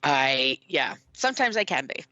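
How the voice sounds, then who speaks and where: A woman with an extremely low-pitched voice co-hosts a podcast, chatting casually at a moderate pace. She's an animated storyteller who acts out the voices of people in her stories. The recording is dry and the audio sounds dull.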